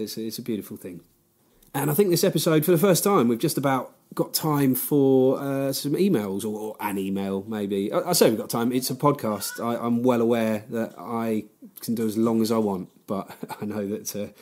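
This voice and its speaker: Chatty podcast host, rambling. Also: male voice, medium pitch, a little mellow. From Britain. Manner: chatty, rambling, laughs often, many fillers. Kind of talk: casual podcast outro chat.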